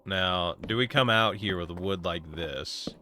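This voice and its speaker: Chatting loosely with his stream audience while he plays, this man rambles on in a low, bright, forceful voice at a measured pace. His throat seems a bit sore. There's a slight hiss or hum in the background.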